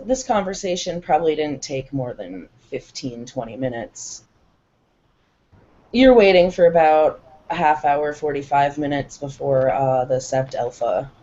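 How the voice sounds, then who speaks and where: Low-voiced woman running a tabletop game. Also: a little mellow. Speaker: game master. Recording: dull lo-fi recording.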